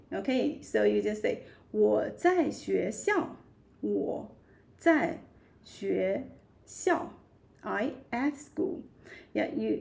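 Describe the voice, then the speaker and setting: A woman teaches a live beginner language class online, patiently repeating each word. Her voice sits a little high, with a gravelly fry running through it. She talks at a slow, deliberate pace. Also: darkish tone. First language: Chinese. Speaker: Chinese teacher.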